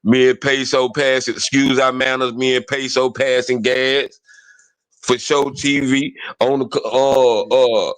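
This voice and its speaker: A man's voice: mid-range voice, level tone, a little slow, smooth, no echo. Slangy rambling man hosting a podcast. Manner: loose, slangy, rambling with fillers. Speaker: podcast host. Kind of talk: casual podcast chat.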